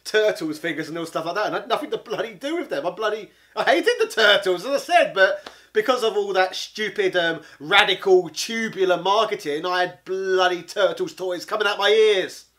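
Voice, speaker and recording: A man's voice: sits high, normal speed, a bit bright. A man, delivering an exasperated comedic rant as a game reviewer. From London, England. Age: 30s. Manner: exasperated, indignant, peppered with 'bloody'. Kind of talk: comedic ranting monologue.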